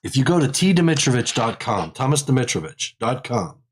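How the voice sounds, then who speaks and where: A man's voice: medium pitch, sing-song, fairly quick, slightly rough. A man hosting a live technical webinar in a casual way. He rambles, repeats phrases and laughs often. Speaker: livestream host.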